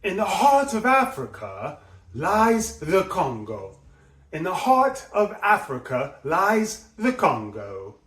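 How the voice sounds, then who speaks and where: A man narrating a nature documentary slowly and deliberately, with clear pauses. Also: high-pitched, wildly swooping pitch, fairly bright tone, reverberant.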